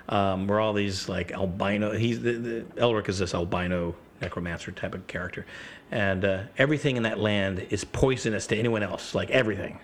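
A middle-aged man chatting casually as a podcast guest, rambling through gaming stories and acting out quotes. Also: on the low side. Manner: rambling storyteller, acts out quotes. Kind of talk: casual chat.

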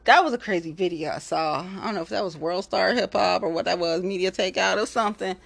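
A woman's voice: lowish voice, fast, vocal fry. Blunt, profane woman ranting casually. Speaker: local political activist. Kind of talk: casual monologue.

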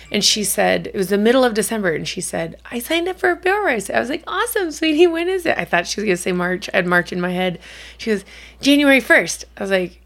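A woman's voice: mid-range voice, creaky, fairly bright tone. A middle-aged woman co-hosting a podcast, telling stories in a casual, chatty way and swearing now and then. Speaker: podcast co-host. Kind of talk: casual chat.

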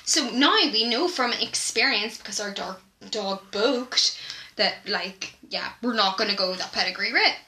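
A woman co-hosts a podcast, her medium-pitched voice a little slow and captured on a low-quality recording. She chats casually and tells stories in an animated way, packed with fillers.

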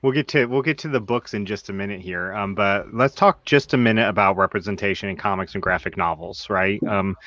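A man hosts an interview podcast in an easygoing, encouraging manner. His voice is somewhat low, and the audio sounds dry and a bit dull. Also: a bit bright, no room sound. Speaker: podcast host. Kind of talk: conversational interviewing.

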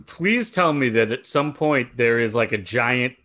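A man chats on a podcast with a bright, forceful voice, tossing in dry jokes. His audio sounds a little muffled and lo-fi. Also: mid-range voice, expressive, unhurried. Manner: dry, joking asides. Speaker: podcast co-host. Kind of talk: casual chat.

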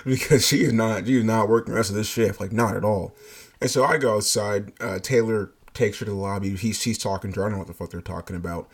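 Husky man telling a work story. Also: lowish voice, a little fast. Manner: animated, profane, laughing asides. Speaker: fast-food shift lead. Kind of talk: casual anecdote storytelling.

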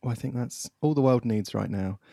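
A young man with a gravelly, creaky voice co-hosts a casual podcast, joking and laughing between lines. The sound is dry and close. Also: mid-range voice, brisk, mellow, no echo. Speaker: podcast co-host. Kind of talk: casual chat.

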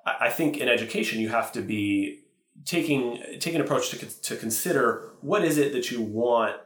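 With roomy echo around him, a priest who also teaches gives a podcast interview at normal speed, his medium-pitched voice slightly bright. He's thoughtful and earnest, frequently stopping to correct himself.

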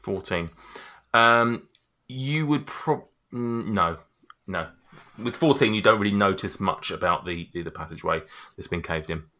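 A man's voice: on the low side, unhurried, sharp tone. A man running a tabletop game as game master, describing scenes with many ums and restarts. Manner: rambling, hesitant descriptions full of ums.

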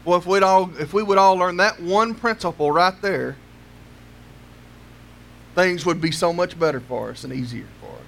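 A man's voice: high voice, normal speed, gravelly, pauses often, fairly bright tone. A man preaching a sermon, pressing his listeners with rhetorical questions and repeating words as he builds his point.

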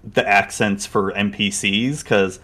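A man co-hosting a podcast in casual chat, relaxed and self-deprecating, joking often. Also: on the low side, takes it slowly, slight background noise. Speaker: podcast co-host. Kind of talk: casual chat about a card game.

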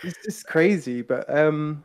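A man's voice: on the high side, expressive, measured pace, clear, resonant tone. A British man chatting casually as a guest impressionist, talking with lots of fillers and laughter. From Britain. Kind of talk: casual chat.

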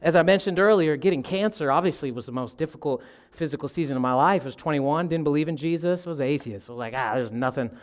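A man, animated and lively, and calls the congregation "y'all." His voice sits high for a man. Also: fast. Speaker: pastor. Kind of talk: sermon.

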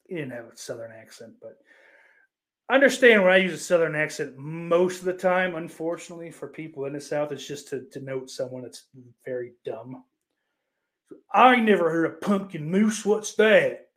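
Male streamer, sarcastic profane ranter, slightly high voice, roomy echo. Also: expressive, a little fast. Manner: sarcastic, profane, bursts into mocking yells. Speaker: streamer reading chat comments. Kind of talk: casual crude rant.

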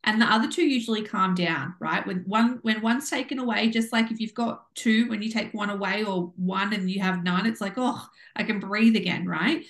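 A woman co-hosting a podcast, telling a story in a bubbly, animated way and acting out what people said. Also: mid-range voice, normal speed, hardly any pauses. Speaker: podcast co-host. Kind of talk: casual chat. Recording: echoey room.

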